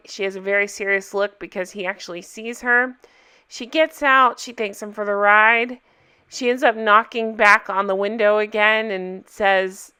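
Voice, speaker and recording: A young woman recapping a TV episode in a casual, chatty vlog, enthusiastic and quoting lines in lively voices. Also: medium pitch, clean tone.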